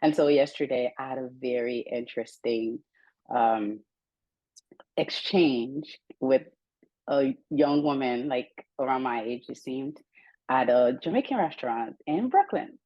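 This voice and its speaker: Husky low-voiced Haitian woman interviewer. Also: a little slow, no room sound, highs cut off. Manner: laughs often, lively storytelling. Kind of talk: conversational interview.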